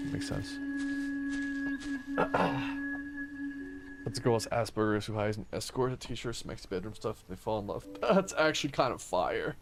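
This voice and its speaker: A man in his thirties, a streamer chatting casually while gaming, soft-spoken because he is tired and low on energy. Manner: soft-spoken, reading and answering chat.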